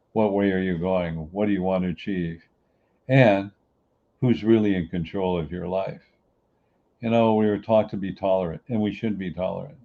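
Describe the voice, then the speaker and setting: A middle-aged man hosting a podcast, giving an earnest, repetitive motivational talk in a preachy manner. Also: deep voice. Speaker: podcast host. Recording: dull lo-fi recording.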